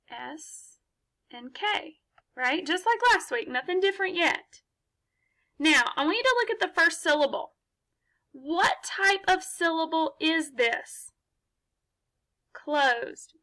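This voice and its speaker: Slow, bright-voiced woman teaching phonics. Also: sits high. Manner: slow, patient, encouraging, asks and answers her own questions. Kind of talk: remote phonics lesson for young children. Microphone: laptop mic.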